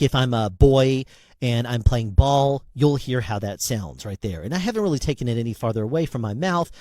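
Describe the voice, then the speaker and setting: This man's mid-range voice is a little mellow and free of echo. Reviewing products, he chats casually in a small home room while talking right into a handheld dynamic microphone and demonstrating it alongside other mics.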